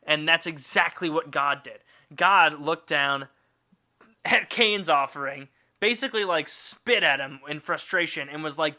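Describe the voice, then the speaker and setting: Crude, bright-voiced comic storyteller man. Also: fairly high pitch, measured pace. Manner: crude, rambling, sarcastic. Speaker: podcast host.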